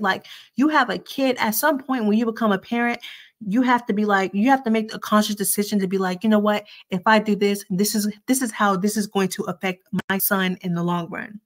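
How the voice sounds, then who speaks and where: A woman's voice: mid-range voice, fairly quick. A woman in her twenties hosting casual pop-culture gossip commentary, blunt and sassy with slangy asides. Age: 20s.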